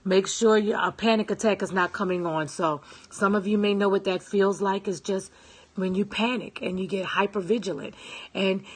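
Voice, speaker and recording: A woman's voice: medium pitch, steady tone, normal speed, husky. A woman giving a casual motivational talk, stressing and repeating her points and checking in with her listeners. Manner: emphatic, repeats phrases, checks in with "okay?" and "right?"; greets live viewers. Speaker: self-help speaker.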